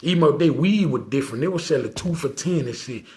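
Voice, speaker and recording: A man with a New Orleans accent, a podcast guest telling a story in a casual, slangy, animated way and acting out the dialogue. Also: on the high side, fast.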